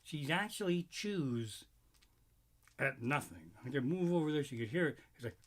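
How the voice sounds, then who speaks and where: Casting: middle-aged male comic, slightly high voice, crude rambling delivery. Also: moderate pace. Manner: profane, rambling, animated storytelling. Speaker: stand-up comedian. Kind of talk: solo live-streamed stand-up.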